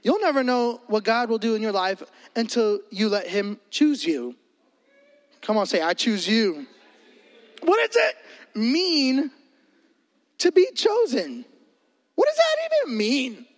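A man preaching as a pastor, animated and joking in a conversational sermon. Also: very high voice, unhurried, pauses often. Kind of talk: energetic comedic sermon. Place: church hall. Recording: echoey hall.

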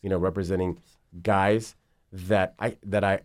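With a deep voice and measured pace, a basketball agent in his thirties tells his story in a relaxed interview, rambling, cursing freely and staying animated. The studio sound is clean, with no room sound.

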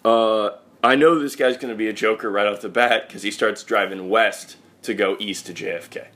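A podcast host with a somewhat low voice tells a long anecdote. He rambles and swears freely, with a wry, offhand tone. It's loose, casual talk between friends. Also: steady tone, moderate pace, a bit bright. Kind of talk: casual storytelling chat.

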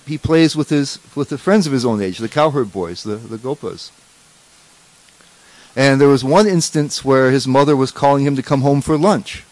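A man's voice: mid-range voice, a little mellow, no room sound, poor audio. Conversational man giving a scripture class. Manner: conversational, with rhetorical check-ins and restarts.

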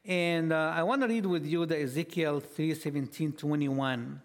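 Halting man giving a missions talk. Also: fairly high pitch. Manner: halting, repeats words, reads scripture slowly and emphatically. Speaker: missionary speaker. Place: church.

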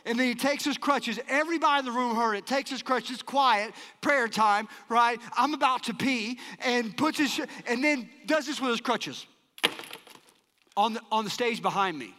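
A male pastor telling a story in a sermon with animated, self-mocking humor in a large church auditorium. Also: extremely high pitch, moderate pace, in a large hall.

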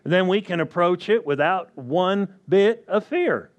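Male preacher, fairly high voice, slow deliberate delivery, checks in with the congregation. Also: lively intonation, dull audio. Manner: slow, emphatic, asks the congregation questions. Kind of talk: sermon.

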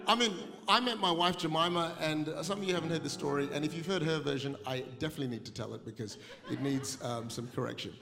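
A middle-aged male pastor telling a funny story in a sermon, animated and laughing as he goes, recorded live in a large church. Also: fairly high pitch, quick pace, gravelly. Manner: humorous, animated storytelling, laughing through anecdotes. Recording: live church recording with long reverb and music behind.

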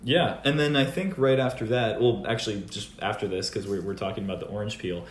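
A man's voice: on the low side, quick pace, roomy sound, slight background noise. A man co-hosting a podcast who mostly agrees and chimes in during a casual movie recap. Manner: agreeable, chimes in with short replies. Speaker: podcast co-host.

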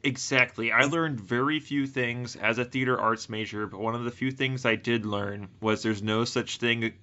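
A man co-hosting a casual chat podcast, animated and playful in his manner. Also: medium pitch, moderate pace, highs cut off. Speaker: podcast co-host.

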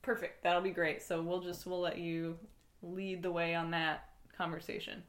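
A woman improvising comedy, talking fast and flustered with many restarts. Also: fairly low pitch, level tone, roomy sound.

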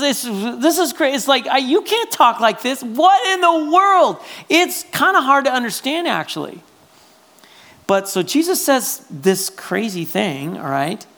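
Guy pastor preaching, chatty and animated, lots of "right?" asides, goes loud then quiet. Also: extremely high pitch. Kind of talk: sermon.

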